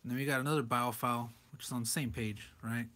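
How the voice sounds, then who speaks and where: A man's voice: mid-range voice, steady tone, fast, bright, forceful tone. A man reviewing a comic book page by page in a loose, rambling way, chuckling often as he talks. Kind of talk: casual comic commentary.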